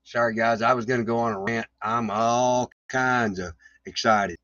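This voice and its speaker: A man's voice: mid-range voice, steady tone, moderate pace, a bit bright, no room sound, dull audio. Fired-up man ranting on a livestream. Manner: confrontational, swearing, restarts. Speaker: livestream host. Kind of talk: heated livestream rant.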